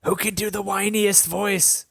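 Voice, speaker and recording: A man's voice: sits high, flat delivery, a little slow, creaky, fairly bright tone. A man playing a tabletop game, playful and giggly. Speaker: player.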